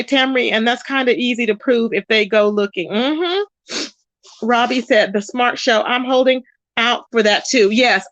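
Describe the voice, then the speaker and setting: A woman's voice: fairly high pitch, fairly bright tone, dry recording, dull audio. A woman hosting a casual livestream, talking to viewers and reading their comments aloud. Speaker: livestream host.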